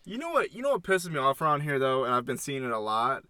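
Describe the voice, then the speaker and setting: A man's voice: medium pitch, very animated, quick pace, bright, forceful tone, smooth, no echo. A young man, co-hosting a podcast and ranting bluntly with plenty of swearing. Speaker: podcast co-host. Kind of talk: casual chat.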